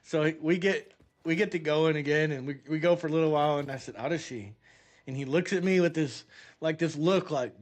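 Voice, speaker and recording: Man, middle-aged, slightly high voice, game streamer, chatty storytelling, laughs a lot. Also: brisk. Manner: chatty and animated, laughs often while telling stories. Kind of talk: casual storytelling while gaming.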